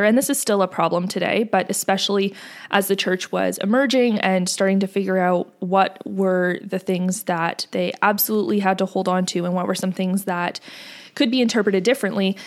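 A woman co-hosting a casual podcast about church teaching, explaining in a conversational way with frequent fillers. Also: mid-range voice. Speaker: podcast co-host. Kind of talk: casual religious discussion.

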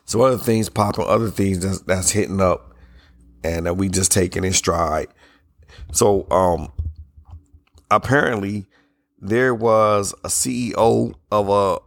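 Middle-aged male podcast host, low hoarse voice, blunt casual opinions, close dry mic. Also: no room sound. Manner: blunt, opinionated, loose and conversational; yawning between sentences. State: hoarse, strained voice from yelling. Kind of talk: casual solo podcast monologue.

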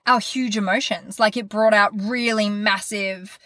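A woman's voice: medium pitch, fairly even intonation, unhurried, a bit bright, no echo, clean studio sound. A woman in her thirties co-hosting a podcast, chatting casually and acting out quoted dialogue as she tells a story. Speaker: podcast co-host. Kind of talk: casual chat.

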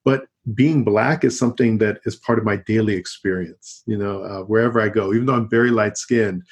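Man, middle-aged, low gravelly voice, husky, rambling and conversational. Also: fairly quick. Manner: rambling, peppered with "you know, and so on". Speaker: podcast guest, college teacher. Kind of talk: conversational interview.

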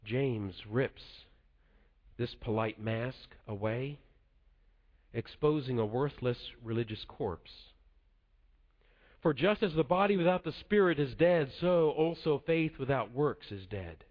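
A man's voice: mid-range voice, lively intonation. Earnest male preacher, lo-fi sound. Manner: measured, earnest delivery dropping soft at the close. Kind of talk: sermon. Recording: dull lo-fi sound.

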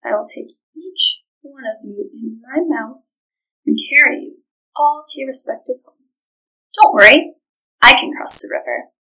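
A woman doing a gentle old giant frog. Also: high-pitched, lively intonation, unhurried, heavily acted, low-quality recording. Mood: reassuring.

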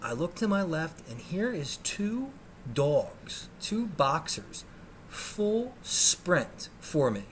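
Fairly high-pitched and slow, a man hosts a podcast against slight background noise. Animated and swearing constantly, he tells a comic story and shrieks as he acts out scenes.

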